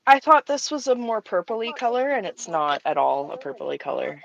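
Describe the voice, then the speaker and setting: A woman's voice: mid-range voice, sing-song, moderate pace, gravelly, highs cut off. Chatty woman streaming while she paints. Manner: rambling, self-deprecating, many fillers. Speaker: streamer hosting an art stream. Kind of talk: casual chat while painting.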